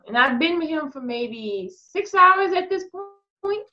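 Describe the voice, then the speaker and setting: A woman with a high voice recounts a story bluntly and with energy, in an easygoing chat style. The sound is muffled and lo-fi, like a home podcast recording. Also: unhurried, hardly any pauses. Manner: frank, explicit, lively anecdote telling. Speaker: podcast guest. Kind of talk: casual candid storytelling.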